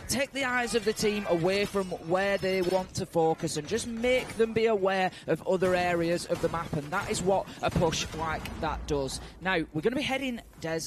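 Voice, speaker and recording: High-pitched northern English esports caster. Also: male voice. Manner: energetic, builds to excited calls. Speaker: esports commentator. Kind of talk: play-by-play esports commentary.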